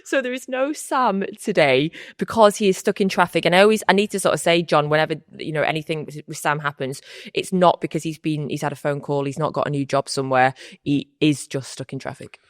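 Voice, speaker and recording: A woman's voice: low voice, a little fast, dry recording, clean studio sound. A woman hosting a football podcast, chatty and laughing easily. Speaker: podcast host. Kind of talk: casual football podcast chat.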